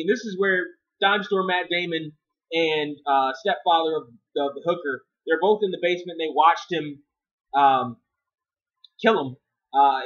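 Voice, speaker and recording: A man's voice: sits high, sharp tone, dull audio. A man giving a casual spoken movie review, profane and rambling, often restarting his sentences.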